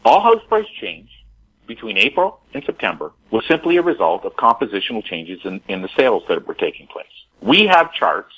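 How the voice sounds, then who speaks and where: A man's voice: lowish voice, big pitch swings, brisk, a bit bright, breathy edge, poor audio. A man giving an emphatic, repetitive commentary in a radio talk interview, often calling his listeners "folks.". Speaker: housing market commentator.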